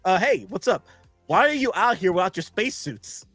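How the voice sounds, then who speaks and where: A man's voice: high-pitched, animated, normal speed, pushed and bright, no room sound, faint music behind, voice pushed up, exaggerated voice. A man putting on the voice of a dim, cheerful male space orc in a goofy, sing-song way.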